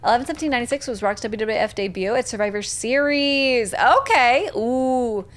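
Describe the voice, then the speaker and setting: A woman streaming a video game live, chatting excitedly and reading viewer messages aloud. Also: a little high, moderate pace. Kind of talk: live gameplay commentary.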